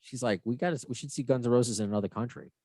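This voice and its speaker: A man hosting a podcast in relaxed, friendly casual chat, joking at his own expense. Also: medium pitch, fast, no echo. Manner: relaxed, friendly, self-deprecating. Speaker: podcast host.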